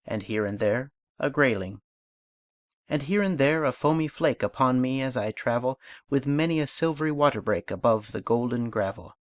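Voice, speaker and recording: Dry, measured male audiobook reader. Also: medium pitch, lively intonation, dry recording. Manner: measured, unhurried recitation of verse and instruction. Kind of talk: scripted audiobook narration.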